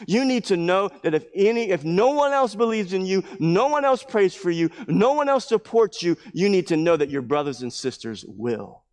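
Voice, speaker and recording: An earnest male teacher pleading with his followers to stay close, as a preacher puts him on in a sermon. His rather high voice moves between hushed and impassioned. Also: expressive, moderate pace, few pauses. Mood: urging. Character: Jesus, gentle male teacher urging his disciples.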